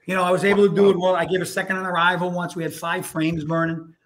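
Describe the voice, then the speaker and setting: Brief: fifties New man, high voice, loose anecdotal podcast guest. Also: level tone, fast, fairly bright tone. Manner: rambling, repeats words, frequent "you know". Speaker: podcast guest, retired fire lieutenant. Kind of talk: casual storytelling chat.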